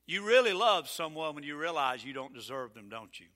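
Male pastor, folksy and emphatic, high bright voice, echoing sanctuary. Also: very animated, brisk. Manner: folksy, emphatic preaching with sudden loud peaks. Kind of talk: sermon. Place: church sanctuary. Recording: reverberant church sanctuary.

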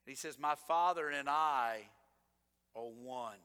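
A man's voice: mid-range voice, slow, bright, forceful tone, clean tone. A male pastor preaching a sermon in a conversational, emphatic way, breaking into sarcastic asides. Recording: long reverb of a church hall.

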